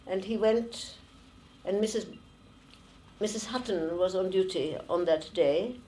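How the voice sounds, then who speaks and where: A woman in her nineties with a German accent, giving oral history testimony slowly and haltingly, with many pauses and fillers. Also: medium pitch, warm tone, slight background noise, low-quality recording. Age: 90s. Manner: slow and halting, with frequent fillers. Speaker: interviewee, former refugee.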